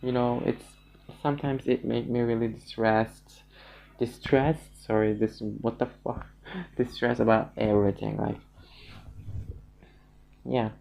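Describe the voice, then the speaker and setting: Slow halting man with gravelly creak. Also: mid-range voice, flat delivery, darkish tone. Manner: halting, rambling, swears often. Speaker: livestreamer. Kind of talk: casual livestream monologue. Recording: dull lo-fi stream audio.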